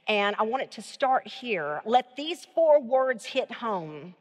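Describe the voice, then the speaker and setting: Woman, preacher, sermon, repeats phrases, higher voice, long hall reverb. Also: big pitch swings, slow. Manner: leads the audience in call-and-response, repeats phrases.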